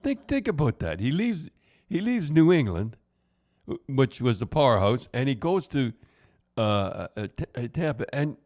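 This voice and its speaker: A man's voice: medium pitch, very animated, normal speed, a little mellow. An older Canadian man chatting casually on a podcast, rambling through old stories and stumbling over repeated words. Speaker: podcast host, former hockey coach. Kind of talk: casual storytelling chat.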